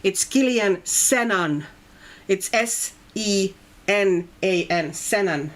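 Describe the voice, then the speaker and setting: A woman's voice: mid-range voice, slow. A middle-aged woman from Estonia hosting a casual livestream chat, talking in a chatty way and laughing often. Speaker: livestream host.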